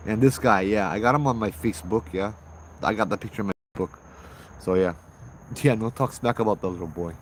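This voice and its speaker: A man, casually telling ghost stories on a livestream outdoors at night, chatty and relaxed, greeting viewers and laughing often. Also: on the low side, a little fast, a little hiss or hum. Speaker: ghost-story livestream host and former tour guide. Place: outdoors at night with bugs around.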